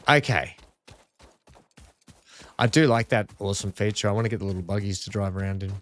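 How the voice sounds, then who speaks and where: A man's voice: fairly low pitch, a little fast, slight background noise. An Australian man hosting a multiplayer game stream, chatting casually with teammates, asking lots of questions and laughing easily. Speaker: streamer host. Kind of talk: casual multiplayer gaming chat.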